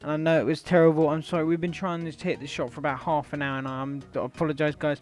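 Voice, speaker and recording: Brash, swearing young British gamer. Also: male voice, on the high side, level tone, fast. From Britain. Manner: brash, swearing, trash-talking. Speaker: gaming YouTuber host. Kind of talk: gaming commentary with an online opponent.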